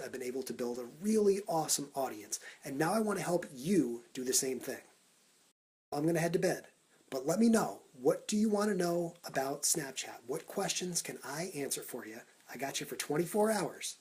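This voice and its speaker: A man vlogging for social media, talking in an energetic, punchy countdown style into a phone held at arm's length. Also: fairly high pitch, slightly rough. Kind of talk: upbeat Snapchat vlog talk.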